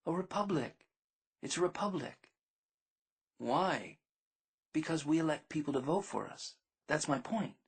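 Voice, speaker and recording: A man reading an audiobook, voicing an earnest, thoughtful teenage girl with a soft, gently lecturing manner. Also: fairly high pitch, lively intonation, unhurried, long pauses, slightly rough, pitched above the performer's own voice, full character voice. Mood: explaining. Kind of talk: audiobook character voice.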